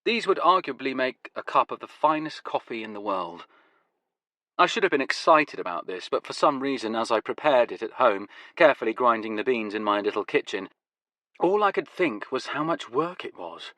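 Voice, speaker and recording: A man reading a first-person story aloud in a wry, deadpan way. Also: medium pitch, moderate pace, dry recording. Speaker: audiobook narrator. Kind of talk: first-person scripted narration.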